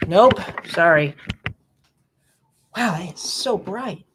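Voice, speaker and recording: A woman giving a casual, rambling reaction commentary as a space fan. She is sarcastic, leaps into high disbelieving tones, and trails off into quiet mumbled fillers. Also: lively intonation, takes it slowly, a little hiss or hum. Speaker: space enthusiast reacting to a film.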